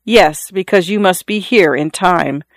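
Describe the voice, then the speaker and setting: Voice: mid-range voice, no room sound, studio quality, close to an everyday voice. A narrator playing a coy, grave little girl. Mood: calm. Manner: slow, thoughtful, coy.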